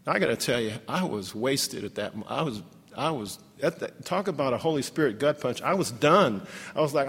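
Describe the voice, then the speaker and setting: Male speaker, sermon storytelling; husky, fry-heavy voice; long hall reverb. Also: medium pitch, animated, fairly bright tone. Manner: emotional, halting storytelling with repeated restarts. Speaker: ministry leader telling a story.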